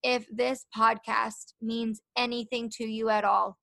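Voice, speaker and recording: A woman's voice: on the high side, little pitch movement, unhurried, creaky, a bit bright, no echo. A young woman hosting her own podcast, talking earnestly and encouragingly to her listeners. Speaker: podcast host. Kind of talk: solo podcast talk.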